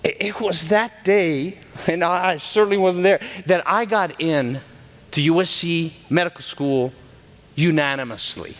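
A man in his thirties, a cardiologist and guest speaker at a church, telling an excitable testimony sermon, acting out dialogue and laughing mid-sentence. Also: on the high side, unhurried.

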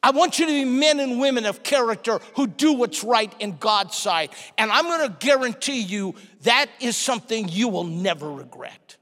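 A man preaching a sermon, telling a story and acting out the people in it with animated delivery. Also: very high-pitched, normal speed, few pauses. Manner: animated, acts out quoted people. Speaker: pastor. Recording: long hall reverb.

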